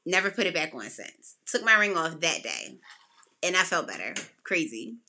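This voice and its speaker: A woman hosting a podcast, telling a personal story in a casual way and acting out what people said with sudden jumps in pitch. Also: moderate pace, a little hiss or hum. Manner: animated, acts out quotes with big pitch jumps. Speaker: podcast host.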